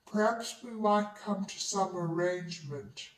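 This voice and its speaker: An audiobook narrator plays a smooth-talking man who keeps calm under pressure. His words come slowly and pleasantly, meant to soothe. The voice sits back in a roomy, echoing space, some way from the microphone. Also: medium pitch, crowd noise, pitched above the performer's own voice, lightly acted. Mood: soothing. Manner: polite, soothing, unhurried. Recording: roomy echo, distant mic.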